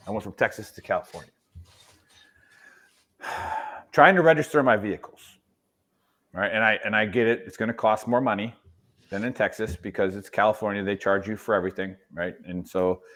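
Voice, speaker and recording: A man's voice: lowish voice, fairly bright tone. A male veteran on a casual podcast telling a story with emphasis, often adding "right?" to push his points. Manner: emphatic, rhetorical "right?" tags.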